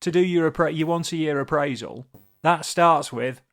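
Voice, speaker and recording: A man's voice: fairly high pitch, moderate pace, a bit bright, soft background music. A man co-hosting a podcast, bantering in a jokey, self-deprecating way. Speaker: podcast co-host. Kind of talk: casual podcast chat.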